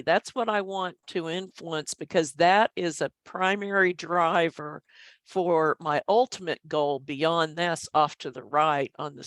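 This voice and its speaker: A woman's voice: low-pitched, no room sound. A middle-aged woman, a statistician, explaining measures in an online training session with goofy self-deprecating humor. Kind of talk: online presentation.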